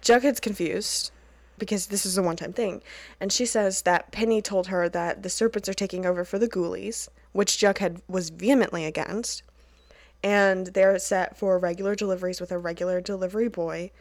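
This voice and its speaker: A woman hosting a casual solo podcast, recapping a TV episode in an animated, sweary way and often breaking into laughter and rants. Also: mid-range voice, no room sound.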